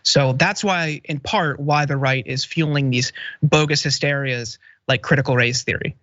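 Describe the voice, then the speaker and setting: A man co-hosting a political talk show, speaking in a measured, thoughtful way with frequent fillers. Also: a little high, a bit bright, lo-fi sound. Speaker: co-host. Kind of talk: political commentary.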